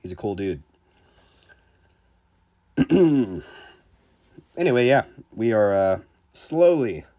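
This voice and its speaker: A man's voice: on the low side, a little mellow. A man hosting a casual game livestream, reading viewer comments aloud in a laid-back, joking way with frequent restarts. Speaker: gaming livestreamer.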